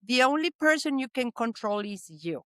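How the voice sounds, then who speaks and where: A woman, co-hosting a talk show, explaining ideas in a slow, emphatic, motivational way. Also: on the high side, very animated, a bit bright, dry recording. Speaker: podcast co-host.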